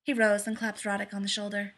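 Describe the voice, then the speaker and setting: A woman narrating a fan fiction story aloud in a lively, amused way. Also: medium pitch, quick pace.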